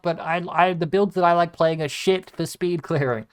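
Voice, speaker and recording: A man's voice: fairly high pitch, fairly quick, few pauses, clean tone. Rambling, swearing man in game commentary. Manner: rambling, profane, sarcastically self-deprecating. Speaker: gaming content creator. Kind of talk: casual gameplay commentary.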